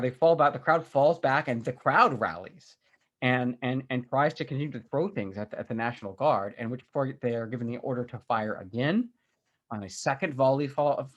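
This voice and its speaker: A male history lecturer recounting events with animated storytelling energy. His voice sits at an ordinary middle pitch, and he often pauses on ums and restarts his sentences. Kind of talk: recorded university lecture.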